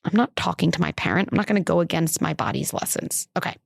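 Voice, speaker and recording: Candid woman with a gravelly edge. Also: fast talker, no room sound, clean studio sound. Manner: candid and conversational, many "like" fillers; acts out quoted dialogue with lifted pitch. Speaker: parenting psychologist and podcast host. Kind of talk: podcast monologue, personal story.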